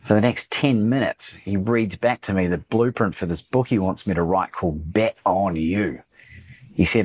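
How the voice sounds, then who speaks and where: A man's voice: sits low, normal speed, husky. An Australian man, a coach, telling a personal story as a guest in a podcast interview and acting out the lines of others. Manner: animated storyteller, acts out quoted dialogue.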